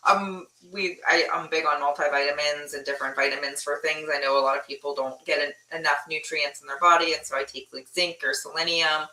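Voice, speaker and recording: A hesitant woman asks her questions with many fillers and restarts. Her voice is low but bright. She sounds distant from the mic, in a roomy space on a video call. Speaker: meetup participant. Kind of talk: casual questions.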